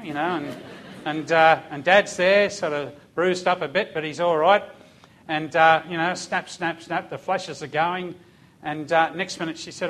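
An older Australian man, a police officer, telling a lively testimony story in church and acting out the voices. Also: on the high side, normal speed.

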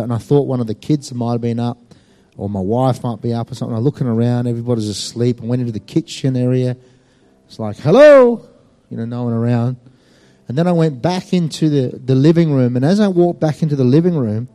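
A man telling a personal testimony in an animated, emphatic way, with many fillers. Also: mid-range voice. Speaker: speaker giving a personal testimony. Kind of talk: storytelling testimony.

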